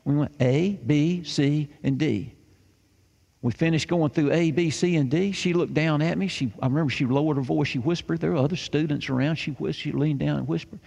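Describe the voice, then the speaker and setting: A folksy man with a gravelly, slightly high voice tells a story to a crowd. His words ring out in a big hall with a long reverb, and he keeps repeating phrases for effect. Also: normal speed, darkish tone. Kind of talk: storytelling to a live audience.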